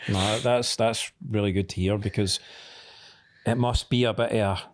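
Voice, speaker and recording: Easygoing, low-voiced Scottish host. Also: male voice, steady tone, normal speed. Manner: easygoing, encouraging, fills gaps with agreement. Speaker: interview host. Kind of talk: relaxed conversational interview.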